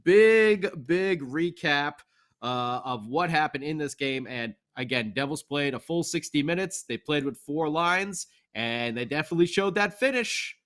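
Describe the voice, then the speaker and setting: A man's voice: fairly high pitch, lively intonation, measured pace, a bit bright. A man co-hosting a sports podcast, giving an enthusiastic, rambling game recap. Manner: rambling, enthusiastic, fan banter. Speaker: podcast co-host.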